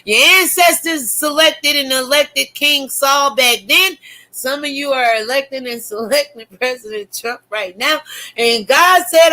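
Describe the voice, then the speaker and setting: A woman's voice: sits high, unhurried, bright, forceful tone. Fiery cursing woman preaching a rant. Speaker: online commentator. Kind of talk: profane religious rant.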